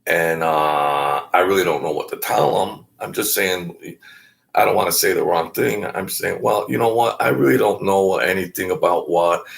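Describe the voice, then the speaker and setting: A man telling a story in a halting way, with many fillers and restarts, acting out the voices of the people he quotes. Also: low voice, gravelly. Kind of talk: casual storytelling.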